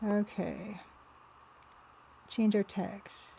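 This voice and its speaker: A woman's voice: medium pitch, steady tone, drawn-out words, creaky, dark tone, highs cut off, slight background noise. A woman livestreaming as an artist, chatting casually and playfully, with easy laughter. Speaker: livestreaming artist and game developer.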